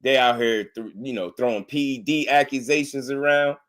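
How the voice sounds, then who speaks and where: A man giving casual boxing commentary on a live stream, slangy and animated, laughing often. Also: medium pitch, moderate pace.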